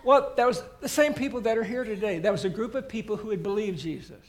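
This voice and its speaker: Guest preacher, man, high-pitched voice, folksy joking storyteller. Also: expressive, fast. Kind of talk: sermon.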